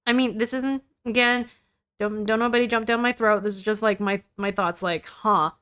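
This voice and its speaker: A woman chatting casually in reaction to a story, talking in a rambling way full of "like" and softening her opinions. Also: fairly high pitch, steady tone, normal speed, smooth.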